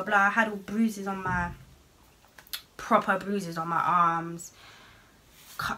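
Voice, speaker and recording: A young woman telling a personal story on her vlog, animated, with lots of swearing and street slang. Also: medium pitch. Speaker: vlogger.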